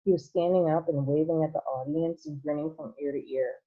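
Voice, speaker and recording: A woman teacher reading a storybook aloud to students in a steady storytelling manner. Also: deep voice, brisk. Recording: tinny phone-like line.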